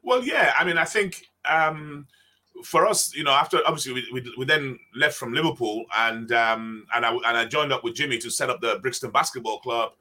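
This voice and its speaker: A man's voice: medium pitch, normal speed. An older man, a former basketball player, telling stories in a conversational interview and acting out the dialogue as he goes. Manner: animated, acts out dialogue in the stories. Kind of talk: conversational storytelling.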